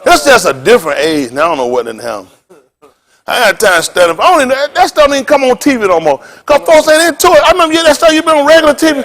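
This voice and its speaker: A man preaching as pastor in a joking, rambling sermon, animated and laughing often with loud exclamations. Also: very high-pitched, fast.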